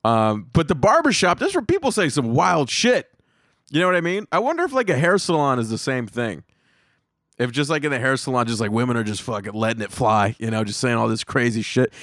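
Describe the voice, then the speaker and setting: A man's voice: mid-range voice, brisk, no room sound, studio quality. A man hosting his own comedy podcast, telling rambling, profane stories in a casual monologue. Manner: profane, rambling, animated storytelling.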